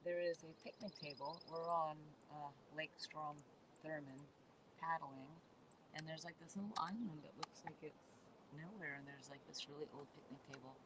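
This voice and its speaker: A woman's voice: sits low, moderate pace. A woman chatting casually from a kayak on a lake and describing what she sees around her. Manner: relaxed, describes the surroundings. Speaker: paddling companion. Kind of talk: casual chat. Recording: outdoor noise on open water.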